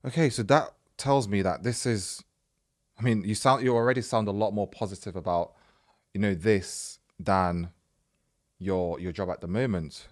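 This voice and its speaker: A man's voice: on the low side, normal speed, dry recording, studio quality. A young man hosting a podcast, reading a listener's story aloud in a casual, chatty way and often breaking off to comment.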